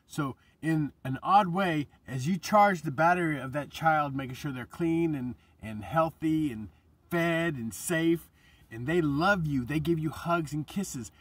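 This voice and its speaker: Husky, profane man rambling passionately. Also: a little high, no room sound, recorded from a distance. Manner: passionate, profane, meandering with frequent restarts. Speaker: vlogger. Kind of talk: casual rambling monologue to camera.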